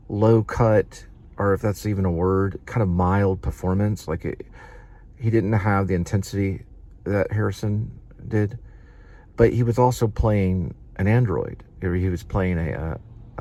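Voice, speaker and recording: A man, an actor and vlogger, chatting casually about movies in a car, halting and repeating himself as he stumbles over names. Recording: muffled, with loud car noise. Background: loud vehicle rumble.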